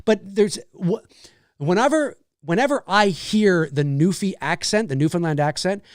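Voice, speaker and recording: A man with a Canadian accent hosting a live stream, chatting in a rambling, animated way and swearing freely. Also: high-pitched, normal speed, smooth, no echo, clean studio sound. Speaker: host of a live show. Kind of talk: casual live-stream chat.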